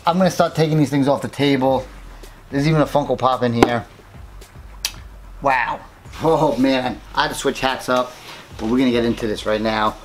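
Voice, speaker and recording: Excited, chatty unboxing host man. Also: medium pitch, normal speed, long pauses, background noise. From New York, United States. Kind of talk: casual unboxing vlog.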